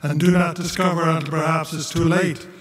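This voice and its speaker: A male priest giving a homily in a slow, measured way, sometimes chanting the gospel reading. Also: a little high, little pitch movement, fairly bright tone. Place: church. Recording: echoey church from far off.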